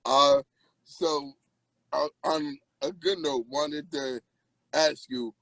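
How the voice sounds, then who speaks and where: A man co-hosting a sports podcast, asking questions in a halting, casual way. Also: fairly high pitch, steady tone, a bit bright, no echo, poor audio. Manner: halting, many fillers and restarts. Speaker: podcast co-host.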